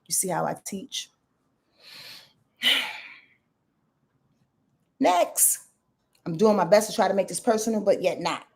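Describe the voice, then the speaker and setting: A woman astrologer giving lively, slangy live-stream readings, answering viewers by name and swearing freely. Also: mid-range voice, takes it slowly, vocal fry, long pauses, slightly rough. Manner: animated, slangy, swears freely, reads viewer comments aloud.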